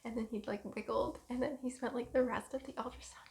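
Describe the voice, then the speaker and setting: Young woman rambling with vocal fry. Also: fairly high pitch, fairly even intonation, normal speed, few pauses, very noisy. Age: 20s. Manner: rambling, many ums, soft and emotional. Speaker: vlogger. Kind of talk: personal storytelling vlog.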